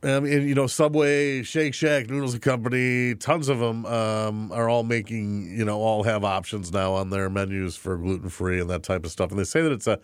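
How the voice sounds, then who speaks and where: A man co-hosting a casual morning podcast, easygoing and quick to laugh, talking with lots of fillers. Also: on the low side, little pitch movement, smooth, no room sound, clean studio sound. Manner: easygoing, laughs often, uses many fillers. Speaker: podcast co-host.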